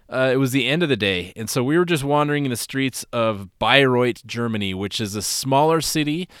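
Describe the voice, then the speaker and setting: Smooth-voiced man telling a story. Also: medium pitch, dry recording, clean studio sound. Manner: relaxed, rambling anecdotes with fillers. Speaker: podcast co-host. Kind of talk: casual storytelling chat.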